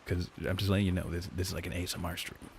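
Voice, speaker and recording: A man's voice: sits low, level tone, rapid-fire, a little hiss or hum. A man streaming and chatting with his viewers in a rambling, joking way, using a lapel mic. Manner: rambling, joking, talks to chat. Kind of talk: casual live-stream chat.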